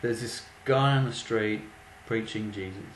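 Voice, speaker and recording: Speaking at a measured pace in a fairly low voice, a young man who vlogs recounts a story in a relaxed, mocking, amused way, frequently laughing as he goes. It's recorded in an echoey room with faint background noise.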